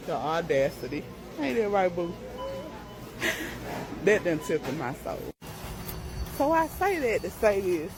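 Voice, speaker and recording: A woman's voice: on the low side, big pitch swings, slow pace, pauses often, background noise. A woman tells a storytime vlog from a grocery store aisle. She talks in an amused, sassy and chatty way, drawing her viewers into the tale.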